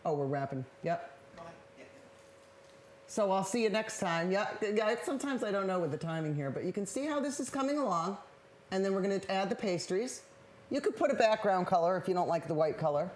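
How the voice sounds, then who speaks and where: A woman of fifty hosts her painting show from a public access TV studio, rambling and upbeat as she paints. Her pitch sits in an ordinary middle range. A faint hum of room noise lies under her voice. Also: darkish tone. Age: 50s. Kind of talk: chatty live painting demonstration.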